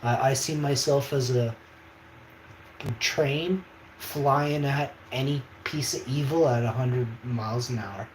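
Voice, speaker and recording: This livestream host has a medium-pitched voice with fairly even intonation and a slow pace. He talks in an emphatic, rambling manner, often turning to his viewers, and the recording carries echo and faint background noise.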